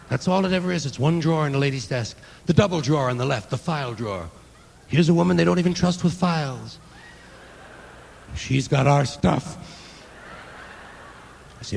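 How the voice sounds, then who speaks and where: A man's voice: mid-range voice, lively intonation, brisk, creaky, pauses often, darkish tone. A man doing a stand-up comedy routine, telling a story sardonically and acting out both sides of the dialogue. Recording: live recording with long hall reverb and faint noise.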